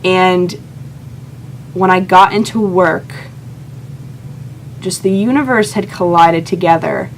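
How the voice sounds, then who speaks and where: A woman's voice: fairly low pitch, slow, pauses often, slight background noise. A young woman telling a heartfelt personal story in a vlog, earnest and emotional, often quoting her own thoughts. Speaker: vlogger.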